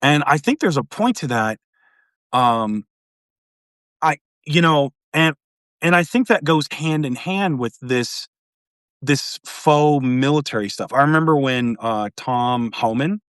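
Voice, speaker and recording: A man with an average-pitched voice hosts a loose political talk, speaking in rambling bursts and restarting his sentences often. He is recorded dry and close, with no room echo. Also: animated, takes it slowly, fairly bright tone, clean tone. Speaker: podcast host. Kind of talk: casual political discussion.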